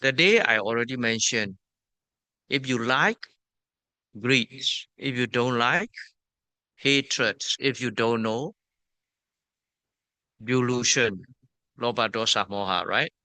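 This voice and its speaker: A man from Myanmar, a monk and meditation teacher, giving a dharma talk at a retreat in simple, halting English, repeating words and using Pali terms. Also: mid-range voice, pushed and bright, no room sound.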